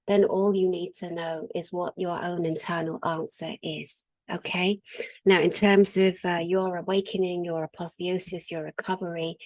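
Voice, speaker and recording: Excitable woman with a gravelly voice. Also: on the low side, no room sound, rough recording. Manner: earnest and excitable, with many fillers. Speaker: host announcing a conference. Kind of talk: casual monologue to viewers.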